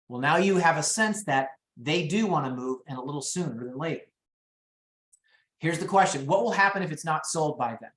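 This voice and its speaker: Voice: medium pitch, animated, normal speed, fairly bright tone. Chatty real estate coach, roomy echo. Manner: chatty, coaching, addresses the audience directly, acts out client dialogue. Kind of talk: live online training session.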